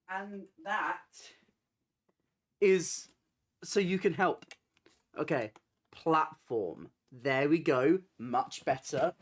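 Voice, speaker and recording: A woman talks casually to her livestream audience from home late at night. She is loud and easily distracted, jumping between ideas with frequent giggles. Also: on the low side. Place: home, building on the floor.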